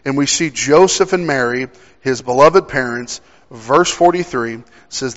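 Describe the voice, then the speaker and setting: A man's voice: mid-range voice, a little slow, a bit bright. A young man preaching a sermon, telling a personal story in a conversational way with frequent restarts. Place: church sanctuary. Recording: dull sound with long hall reverb.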